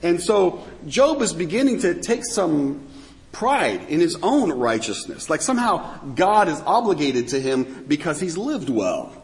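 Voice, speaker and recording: A man's voice: fairly high pitch, in a large hall. A man giving a conversational sermon as a pastor, with sarcastic asides.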